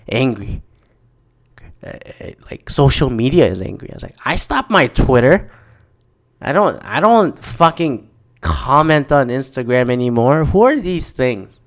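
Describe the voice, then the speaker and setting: A man talking in a casual, rambling monologue, exasperated and profane, often restarting his sentences. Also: medium pitch.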